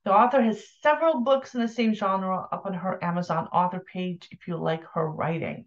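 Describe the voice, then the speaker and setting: A woman's voice: fairly low pitch, normal speed, highs cut off. A woman giving casual, opinionated book reviews, talking candidly with lots of fillers and restarts.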